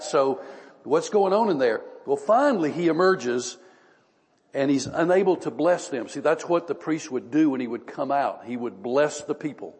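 A man with a husky, mid-pitched voice delivers a sermon, chatting easily with his listeners between passages. Each time he reads scripture he slows down and stresses the words. His voice carries a long reverb, as if he were in a large church hall. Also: expressive, a little mellow. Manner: earnest, conversational, reads scripture slowly with emphasis. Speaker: pastor. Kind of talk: sermon Bible teaching.

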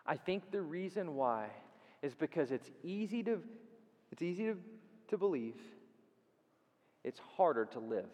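A man with a high, bright speaking pitch delivers a sermon in a church, his voice trailing off in a long reverb. He swings between loud, rapid bursts and quiet, stretched-out words for emphasis. He repeats key phrases and checks in with his listeners. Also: big pitch swings. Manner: dynamic preaching that swings from loud and quick to hushed, drawn-out emphasis; repeats phrases for emphasis and asks the audience questions. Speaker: pastor. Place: church sanctuary.

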